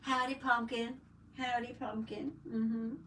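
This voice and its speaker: An older woman hosting a casual crafting livestream, chatting warmly and greeting viewers by name as she reads the chat. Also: fairly high pitch, level tone, takes it slowly. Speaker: livestream host. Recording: roomy, distant mic, faint background noise.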